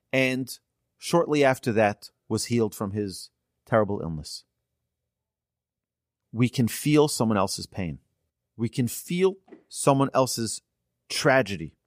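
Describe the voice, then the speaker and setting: A man's voice: medium pitch, no room sound, studio quality. A man giving an earnest sermon full of stories, his voice climbing for emphasis at key moments. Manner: earnest, animated storyteller with rising emphasis. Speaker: rabbi giving a talk. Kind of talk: sermon with storytelling.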